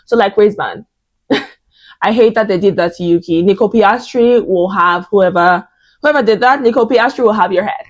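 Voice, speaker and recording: A young woman talking straight to her audience in a relaxed vlog, her voice at a middle pitch. She is expressive and dramatic, with plenty of fillers and outbursts. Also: normal speed, dull audio. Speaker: vlogger. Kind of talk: casual chat.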